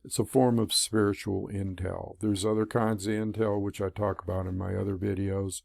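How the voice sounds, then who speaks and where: A man's voice: lowish voice, little pitch movement, moderate pace, creaky, darkish tone, no echo, clean studio sound. A man talking to the camera as a spiritual teacher, in a loose, rambling monologue full of fillers and restarts. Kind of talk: casual monologue. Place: room.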